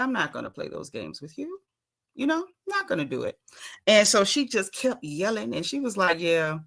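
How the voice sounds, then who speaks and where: A woman, chatting sassily and animatedly as she recaps a reality TV episode. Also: medium pitch. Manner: sassy, animated, mimics cast members' quotes. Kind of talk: casual reality TV recap chat.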